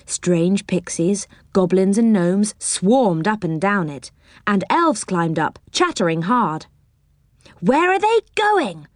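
A woman reading a children's story aloud, expressive and warm in storybook style, in a dry close recording. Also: lowish voice, slow pace, dry recording.

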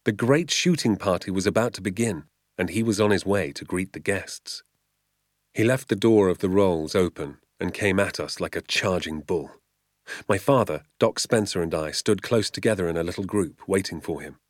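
A man reading a children's novel aloud as an audiobook, with measured, vivid storytelling. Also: low-pitched, no room sound, studio quality. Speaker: audiobook reader. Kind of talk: audiobook narration.

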